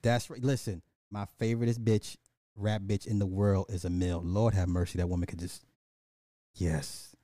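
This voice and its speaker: A man's voice: lowish voice, level tone, brisk, warm tone, no room sound, studio quality. A man hosting a casual livestream, ranting profanely and animatedly, laughing and talking to his chat. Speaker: livestream host.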